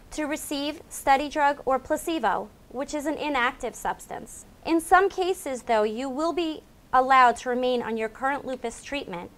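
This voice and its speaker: A woman reading a scripted explanation of clinical trials in a clear, measured way, as a member of a trial team. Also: high-pitched. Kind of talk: scripted informational narration.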